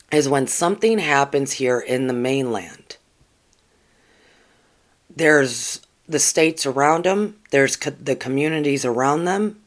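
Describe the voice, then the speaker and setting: A spiritual channel host on a casual livestream, reading oracle cards and chatting earnestly to viewers, with lots of ums and restarts. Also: mid-range voice. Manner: rambling, with frequent ums and restarts.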